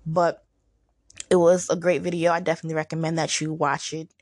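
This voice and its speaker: A woman hosting a motivational podcast, talking in a casual, upbeat and chatty way with lively jumps in her voice. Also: low voice, brisk, no echo, studio quality. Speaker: podcast host.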